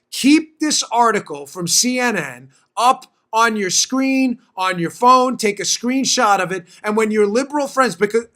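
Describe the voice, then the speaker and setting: A male host of a political talk show, talking emphatically with quick asides and repeating his points for stress. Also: extremely high pitch, fairly bright tone.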